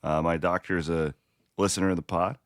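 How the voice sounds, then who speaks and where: A middle-aged man with a very low voice chats casually as a sports podcast co-host. He talks loosely, often restarting his sentences and poking fun at himself. The sound is dry and close to the mic. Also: fairly even intonation, a little fast, no room sound. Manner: chatty, self-deprecating, frequent restarts.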